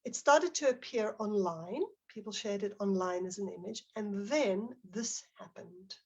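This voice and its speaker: A woman's voice: medium pitch, a little slow, a little mellow, breathy edge. A middle-aged woman presenting a teacher-training webinar, explaining examples and reading out participants' chat comments.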